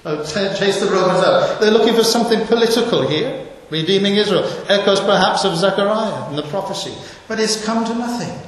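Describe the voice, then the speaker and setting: A man's voice: high voice, brisk, few pauses. A man preaching an expository sermon, asking rhetorical questions and stressing key words. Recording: echoey hall with hiss.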